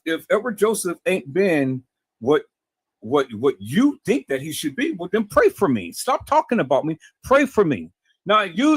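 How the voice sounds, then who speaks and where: A man's voice: sits high, slightly rough, no echo. A man talking to his viewers in a casual, preachy way, often stammering and repeating words. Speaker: video host.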